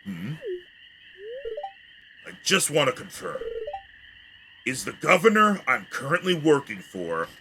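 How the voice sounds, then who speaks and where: A man's voice: fairly high pitch, slow, pauses often, voice pushed down, full character voice. A man voicing an earnest male detective in a video game, talking in a determined, pleading way. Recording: steady background noise.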